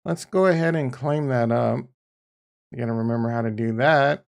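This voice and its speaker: A man talking casually about his crypto yield farm, blunt and profane, swinging from quiet muttering to heated ranting. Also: medium pitch, normal speed, gravelly. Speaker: crypto YouTuber. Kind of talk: casual screen-share commentary.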